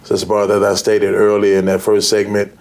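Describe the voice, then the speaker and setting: Halting, earnest male pastor. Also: lowish voice, monotone, a little mellow. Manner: halting, repeats words, earnest. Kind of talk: interview guest recounting illness. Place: TV studio.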